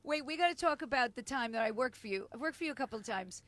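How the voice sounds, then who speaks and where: High bright-voiced woman comic. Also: fast talker, no echo. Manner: animated storytelling, acting out quotes; swears freely. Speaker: stand-up comedian; podcast co-host. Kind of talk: casual chat.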